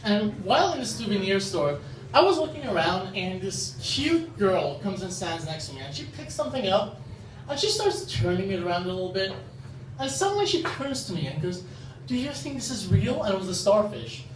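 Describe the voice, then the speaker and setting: A young man performing an open-mic stand-up set, telling self-deprecating stories in an animated way. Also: high-pitched, fairly quick. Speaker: stand-up comedian. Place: open-mic comedy venue. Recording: roomy, distant, noisy live-venue recording. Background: audience laughter.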